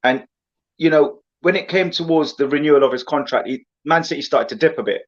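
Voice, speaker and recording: Passionate football pundit. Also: male voice, on the high side, a little fast, dull audio. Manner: animated, passionate, rambling rants with lots of "mate". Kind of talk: casual football chat.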